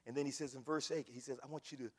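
A man preaching a sermon, swinging between hushed pleading and loud cries. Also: medium pitch, steady tone, very fast. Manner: impassioned, swings from hushed to shouting. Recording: long hall reverb.

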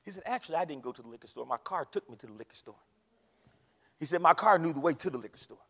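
A man preaching a sermon, swinging from hushed storytelling to shouted climaxes. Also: a little high, expressive, fast. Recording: long reverb of a large hall.

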